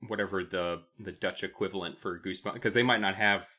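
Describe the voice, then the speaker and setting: Lower-voiced man, casual podcast co-host. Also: fairly even intonation, fairly quick, pushed and bright. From United States.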